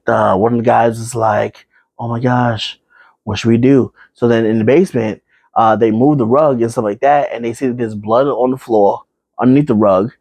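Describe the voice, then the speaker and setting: A man's voice: mid-range voice, fairly even intonation, gravelly, darkish tone, no room sound. A man casually recapping a horror movie, rambling with fillers and asides, now and then acting out the characters. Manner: acts out characters in quick put-on voices.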